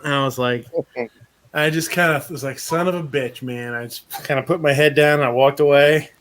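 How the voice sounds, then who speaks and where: A man's voice: on the high side, fairly even intonation, brisk, fairly bright tone. A man hosting a casual live chat, telling a rambling story full of swearing and laughter. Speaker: podcast host.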